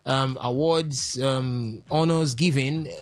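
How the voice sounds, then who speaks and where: A man's voice: mid-range voice, steady tone, takes it slowly, dry recording, studio quality. A man co-hosting a radio sports talk show, opinionated and full of ums as he argues his points. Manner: opinionated, hesitant with many ums.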